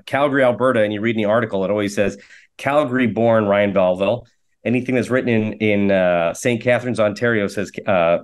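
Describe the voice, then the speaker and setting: Canadian guy in his 40s telling rambly self-deprecating jokes, lowish voice. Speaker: guest, actor and comedian. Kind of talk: casual interview chat.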